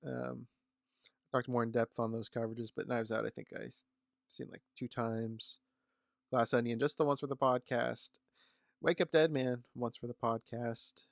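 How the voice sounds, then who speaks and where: A man co-hosting a film podcast, giving brief, matter-of-fact remarks. His voice is gravelly with audible fry. The sound is dry and close. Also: mid-range voice, level tone, moderate pace, no room sound. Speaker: podcast co-host. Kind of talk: casual chat.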